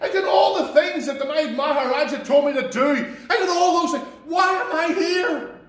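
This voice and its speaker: A man voicing an anguished lost man who cries out from hell, shouting and pleading. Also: extremely high pitch, moderate pace, heavy reverb, pitched above the performer's own voice.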